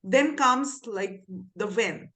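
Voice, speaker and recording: A woman's voice: a little high, lively intonation, takes it slowly, a bit bright. A woman hosting an online chat who thanks her guest politely before asking a question. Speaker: interviewer and event host.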